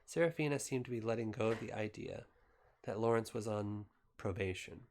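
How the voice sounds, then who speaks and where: A man casually reading a novel aloud as an amateur, relaxed and unpolished, pausing at times to recap the story in his own words. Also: lowish voice, slight background noise. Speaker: amateur reader.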